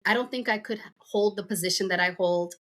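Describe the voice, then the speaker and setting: A woman's voice: mid-range voice, a little fast, a bit bright. A middle-aged woman from the United States, a podcast guest, chatting casually and telling a rambling story full of fillers and asides. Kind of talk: casual chat.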